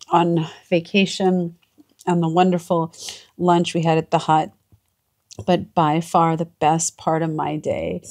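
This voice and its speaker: A woman's voice: fairly low pitch, mellow. A woman vlogging from a small cabin, chatting in a gushing, emotional way. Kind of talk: casual chat.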